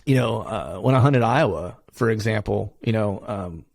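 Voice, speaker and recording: A man with a Pennsylvania accent chatting loosely as a podcast host, his voice sitting a bit low. He talks in long, meandering sentences padded with fillers. The sound is dry and close, with no room around it. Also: moderate pace, vocal fry, a little mellow, dry recording. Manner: rambling, many fillers, acts out locals in higher voices. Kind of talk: casual conversation.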